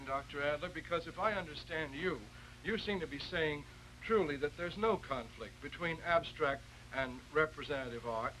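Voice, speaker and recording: A man co-hosts a televised discussion, his voice bright and sharp and sitting a little high. He raises objections in a polite but probing way. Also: a little hiss or hum, rough recording. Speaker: co-host.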